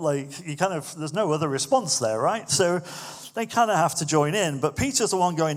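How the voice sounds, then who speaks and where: A man preaching a sermon in a relaxed, conversational way, turning lively when he acts out what others say. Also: on the high side, a little fast. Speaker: pastor.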